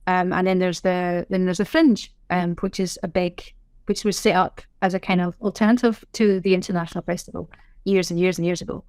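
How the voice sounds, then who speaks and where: A middle-aged Scottish woman, a sign language interpreter, chatting in a podcast interview with a lively, self-deprecating way of telling things. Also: fairly low pitch, brisk, clear, resonant tone, no room sound, studio quality. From Scotland. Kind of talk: casual interview chat.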